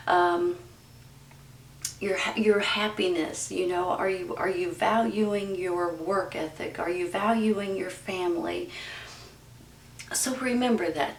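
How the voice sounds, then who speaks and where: Woman tarot reader, low and gravelly, rambling and reassuring, recorded off-mic in an echoey room. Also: distant mic, slight background noise. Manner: chatty and reassuring, addresses viewers directly; loose and rambling with many "um"s. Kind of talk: casual tarot card reading. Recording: roomy echo, voice from off-mic.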